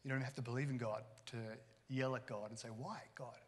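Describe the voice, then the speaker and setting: A man delivers a church sermon in an easy, conversational manner. His voice sits at an ordinary middle pitch, and he slips into the voices of the people in his stories as he tells them. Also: fairly even intonation, brisk. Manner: conversational, acts out quoted characters. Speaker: pastor.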